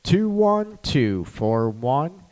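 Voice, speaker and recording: A man's voice: a little high, very animated, drawn-out words, darkish tone. Tired, rambling male radio host. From Michigan. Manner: tired, loose and rambling, many fillers. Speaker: radio show host and counselor. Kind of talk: casual radio talk. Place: own counseling office. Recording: long hall reverb.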